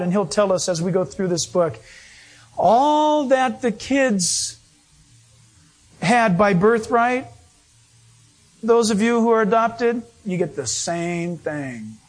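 A man preaching a sermon, telling stories with animated delivery and acting out other people's voices. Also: high voice. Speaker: pastor.

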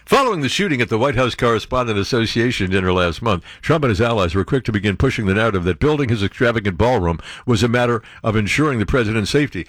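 A man's voice: fairly low pitch, quick pace, hardly any pauses, no room sound, studio quality. A man hosting a talk radio show, reading news items aloud and mocking them with sarcastic, incredulous asides. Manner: sarcastic, animated commentary with mock-incredulous outbursts.

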